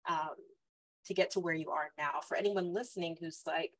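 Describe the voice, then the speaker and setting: Podcast host, woman, lowish voice, upbeat questions, dry sound. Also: fairly even intonation, moderate pace, dry recording, low-quality recording. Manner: warm, upbeat, affirming questions. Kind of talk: interview host.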